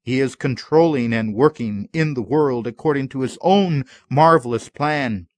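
A male pastor delivers a sermon at an unhurried, measured pace. His voice sits at an ordinary middle pitch and sounds close and dry, with no room echo. He builds toward emphatic climaxes. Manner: slow, measured preaching with rising emphatic climaxes.

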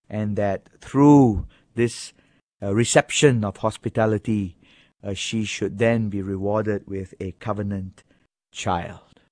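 A man preaching an expository sermon in an earnest manner, with sudden high emphatic rises. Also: a little mellow, no room sound.

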